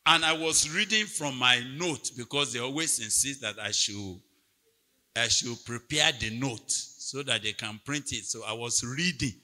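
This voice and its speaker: A man preaching a sermon at a retreat, telling a story with big swings between quiet asides and loud, near-shouted peaks. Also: mid-range voice, animated, measured pace. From Nigeria. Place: large hall at a retreat. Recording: long hall reverb from a church PA.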